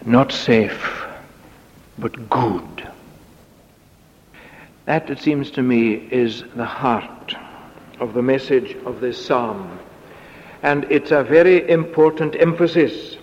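A man preaching an expository sermon in a measured, deliberate way, on a dull recording with a long echo. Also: medium pitch, darkish tone. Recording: dull lo-fi tape in echoey hall.

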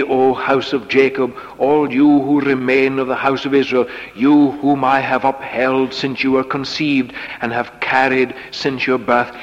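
Male preacher for a slow, weighty sermon; dull, muffled recording with a long echo. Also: mid-range voice. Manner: slow, deliberate, with dramatic sarcastic quoting. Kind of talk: sermon, Bible exposition.

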